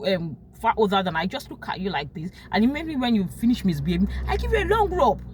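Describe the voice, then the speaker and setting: A young Nigerian woman with a Nigerian accent talking about her life in casual storytelling, emotional and quick to act out what others said. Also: on the high side, slight background noise. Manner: emotional, animated, quotes others in sharp raised tones.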